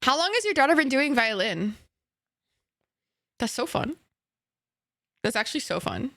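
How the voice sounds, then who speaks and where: A woman's voice: high-pitched, very animated, measured pace, a bit bright, no echo, clean studio sound. A young woman from Egypt streaming a game and chatting casually with viewers, playful and giggly, swearing freely and using slang.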